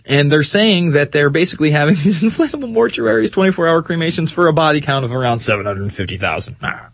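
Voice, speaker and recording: A man hosting a talk radio show, ranting sarcastically about the news and mocking it, slowing down to stress points and then rushing on. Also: fairly high pitch, expressive, a bit bright, dry recording. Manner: sarcastic, mocking, swings between slow emphasis and quick rants. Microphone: studio microphone.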